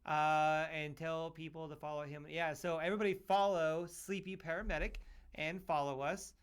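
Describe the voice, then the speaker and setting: A man's voice: fairly high pitch, fairly even intonation, normal speed, clean tone. A man from Utah hosting a podcast, chatting casually in an upbeat, joking way, full of "man" and "dude". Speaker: podcast host.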